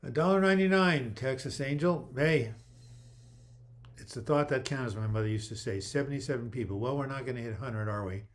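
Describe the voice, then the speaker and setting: An older man with a medium-pitched voice speaks briskly while hosting a casual livestream. He reads viewer comments aloud and answers them in a chatty, joking way, often restarting his sentences.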